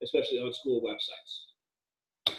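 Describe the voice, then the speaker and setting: A male college writing instructor gives a casual, joking lecture full of fillers and restarts. His mid-range, slightly bright voice has fairly even intonation and a slow pace, recorded at a distance in an echoey room.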